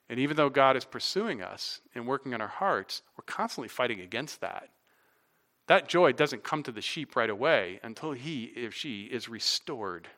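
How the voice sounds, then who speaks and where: A middle-aged man preaching a sermon as pastor, animated and conversational, rising loud for emphasis with casual asides. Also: medium pitch, moderate pace.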